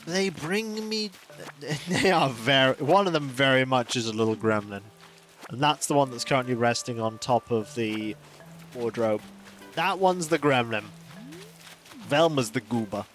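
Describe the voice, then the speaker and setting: A man streaming a game and chatting casually in a rambling, animated way. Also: medium pitch, measured pace, faint music behind. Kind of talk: casual chat while gaming.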